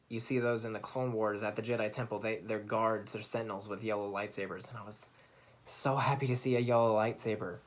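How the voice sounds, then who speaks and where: A young adult man talking casually to camera in a vlog, retelling a movie with eager restarts and the odd laugh. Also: mid-range voice. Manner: earnest, enthusiastic fan recounting a movie with restarts and laughs. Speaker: vlogger.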